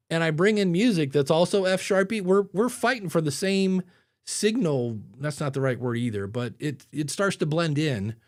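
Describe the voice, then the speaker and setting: A man hosting a podcast in casual chat, animated and talking into a mic with headphones, sometimes acting out voices. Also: fairly high pitch, no room sound, studio quality. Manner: animated, demonstrates voices with sudden loud bursts. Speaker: podcast host. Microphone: studio mic with headphones.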